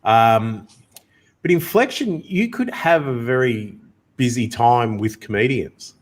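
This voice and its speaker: A man hosts a casual chat show, with a voice of middling pitch. He rambles in animated bursts while asking his guest about her work. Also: slow pace. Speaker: host.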